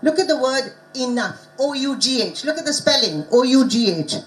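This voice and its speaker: A woman's voice: high-pitched, lively intonation, normal speed, a little hiss or hum, rough recording. A woman giving an academic conference lecture in a teacherly way, often asking the audience rhetorical questions. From Bengal, India. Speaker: conference speaker on language teaching.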